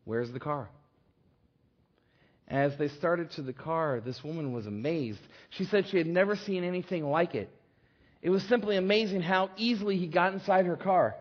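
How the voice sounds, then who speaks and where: A male preacher telling a story in a sermon, animated and prone to restarting his sentences. His voice sits high, and the recording is slightly dull and lo-fi. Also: normal speed. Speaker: pastor.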